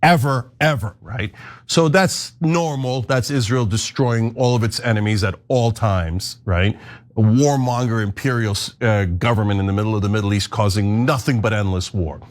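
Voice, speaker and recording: A man's voice: lowish voice, normal speed. A man from the United States hosting a show, delivering a heated, blunt and profane political rant. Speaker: host.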